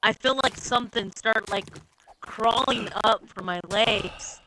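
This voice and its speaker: A woman sharing a scary memory in casual chat, hesitant and halting as she tells it. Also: a little high, sharp tone, slight background noise, poor audio. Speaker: co-host. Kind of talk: casual ghost story chat.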